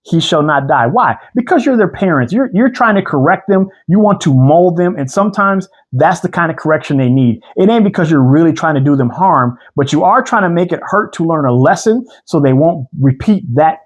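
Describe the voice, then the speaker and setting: Lively preachy man, couch chat host. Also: fairly high pitch. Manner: animated, preachy, reads scripture slowly.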